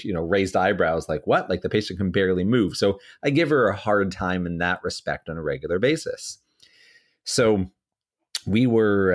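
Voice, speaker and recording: A man with a low voice co-hosts a physio podcast. He tells his own clinic story in an easygoing, measured way and chuckles along with his co-host. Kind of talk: casual storytelling chat.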